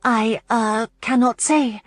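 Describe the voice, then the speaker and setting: A woman's voice: fairly high pitch, steady tone, takes it slowly, no room sound, pitched above the performer's own voice. A woman doing a flustered, stammering young noblewoman. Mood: nervous. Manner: hesitant, stammering.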